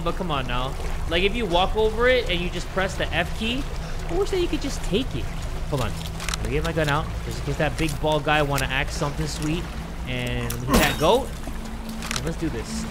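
Excitable guy yelling through a horror game, high voice, jumps all over the place. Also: noisy background. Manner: excitable, screams and yells at jumpscares; jokey, swears a lot. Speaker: gaming YouTuber. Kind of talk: horror game let's play commentary.

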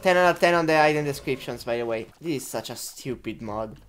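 Low-voiced giggly woman gamer. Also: expressive, brisk, soft background music. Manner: giggly, bursts into loud laughter, swears a lot. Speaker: let's-play gamer. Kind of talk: gameplay commentary.

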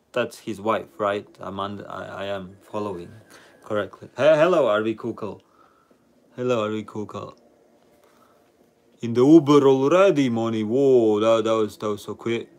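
Slow-talking, laid-back male streamer. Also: on the low side. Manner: relaxed, chatty, reading out viewer comments. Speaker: live stream host. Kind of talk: casual live chat with viewers.

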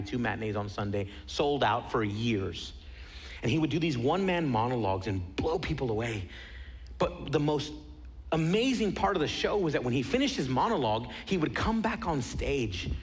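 A man preaching a sermon in a theater, telling a story with animated emphasis and dropping to a hushed, near-whispered delivery at moving moments. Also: medium pitch, breathy edge, big-room sound. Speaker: pastor.

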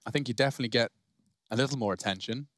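A man commentating live esports play-by-play, chatty and excitable, lifting his voice on big plays. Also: mid-range voice, rapid-fire, no room sound, studio quality. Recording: clear background clicking noise.

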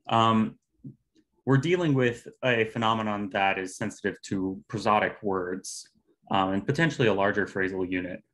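A man giving an academic talk on phonology, explaining stress patterns with measured pacing and occasional fillers. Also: lowish voice. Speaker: linguistics presenter.

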